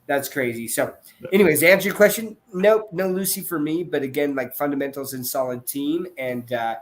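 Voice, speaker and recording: A man's voice: on the high side, brisk. A man chatting on a podcast who explains his thinking in a reflective way, often restarting his sentences. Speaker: podcast panelist. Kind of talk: casual podcast chat.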